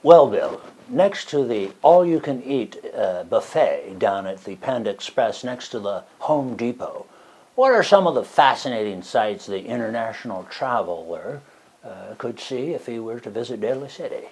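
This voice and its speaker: A man's voice: medium pitch, animated, moderate pace, darkish tone, breathy edge. A man hosting a spoof interview show, asking questions in a stiff, overly formal way. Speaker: talk show host.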